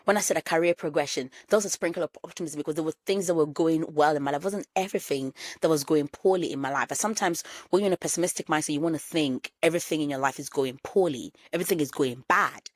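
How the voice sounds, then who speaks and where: A woman's voice: low-pitched, quick pace, few pauses, no echo. A woman in her thirties hosting a solo podcast, reflecting candidly and repeating phrases for emphasis. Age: 30s. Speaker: podcast host.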